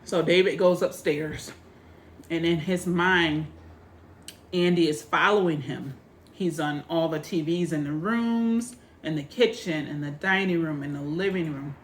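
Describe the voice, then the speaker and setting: Chatty woman recapping a movie, low-voiced. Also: unhurried, slight background noise. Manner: animated retelling, acting out characters' lines; chatty, addresses viewers directly. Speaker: movie reviewer. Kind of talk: casual spoken movie recap.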